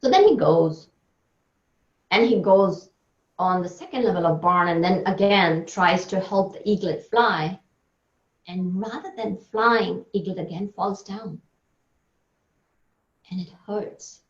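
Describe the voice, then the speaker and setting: A woman giving a talk on a video call, telling a story in an animated way and acting out the lines of its characters. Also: fairly low pitch, slow, long pauses. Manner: animated storyteller, acts out dialogue. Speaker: guest speaker. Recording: echoey, dull lo-fi audio.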